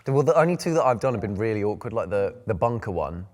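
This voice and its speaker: Animated English man, blunt. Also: fairly low pitch, fast talker, in a large hall. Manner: blunt, swears casually, lively delivery. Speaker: co-host. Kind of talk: casual chat.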